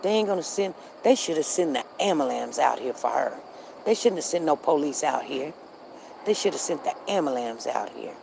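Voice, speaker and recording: A woman's voice: deep voice, lively intonation, normal speed, gravelly, background noise. A middle-aged woman, chatting casually on a livestream and reacting to what happens outside. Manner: chatty, repeats herself, reacts to events outside. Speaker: livestream host.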